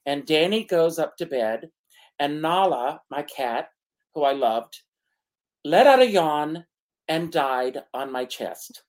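A man's voice: on the high side, lively intonation, slow pace. A man co-hosting a talk show, telling a personal story with dramatic flair and laughing through the sad parts. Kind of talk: casual chat, personal storytelling.

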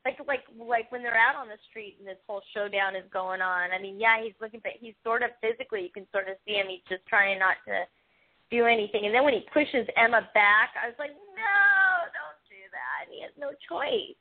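A woman's voice: mid-range voice, brisk. A woman co-hosting a casual chat about a TV show, gushing and talkative with lots of fillers. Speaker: podcast co-host. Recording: tinny phone line.

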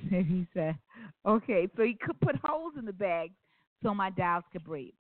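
A woman's voice: lowish voice, big pitch swings, measured pace, no echo. A woman hosting a call-in radio talk show, telling stories in an earnest, rambling way. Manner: earnest storytelling, rambling asides. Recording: phone-like, dry sound.

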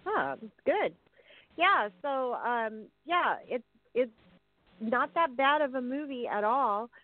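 A woman's voice: high-pitched, sing-song, slow pace, no room sound. A woman hosting a casual chat about films, chatty and often searching for words. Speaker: podcast host. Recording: tinny phone-like sound.

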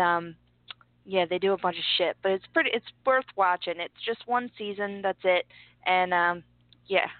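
A woman's voice: medium pitch, no room sound. A woman co-hosting a radio show, chatting casually, laughing often and swearing freely. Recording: tinny, dry phone-like sound.

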